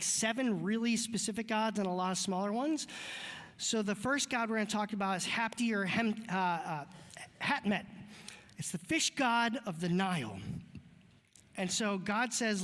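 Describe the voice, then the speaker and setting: Brief: male pastor, fairly high voice, loose joking sermon style, long church-hall reverb. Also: a bit bright. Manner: joking, conversational, chatty asides. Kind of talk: casual sermon. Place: church sanctuary.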